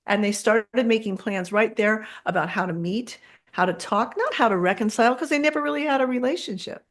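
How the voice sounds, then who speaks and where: Older woman, mediator and guest expert, fairly high voice, animated storyteller who acts out her clients. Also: brisk. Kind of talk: casual interview storytelling.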